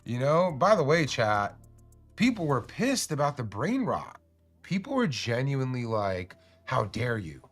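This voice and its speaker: Male streamer host, mid pitch, loose and profane, jokey rambling delivery, faint music underneath. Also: big pitch swings, unhurried. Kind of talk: casual livestream chat.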